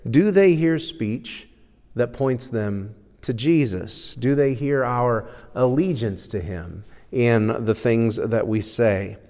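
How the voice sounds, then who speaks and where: Male pastor, conversational sermon, chuckles at his own jokes, mid pitch, echoing sanctuary. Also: slow pace, mellow. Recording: reverberant hall sound.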